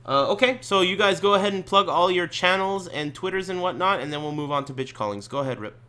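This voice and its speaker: A man hosting a casual gaming podcast who tells stories in an animated way and swears while he rants. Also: high-pitched, fast, smooth. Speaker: podcast host. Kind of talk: casual chat.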